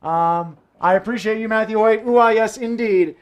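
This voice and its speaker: A man's voice: sits high, moderate pace, dull audio. A man performing fire tricks from home for a live stream, joking and hyping up the audience. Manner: playful, joking, hyped-up showman. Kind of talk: live-streamed show banter. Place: home room indoors.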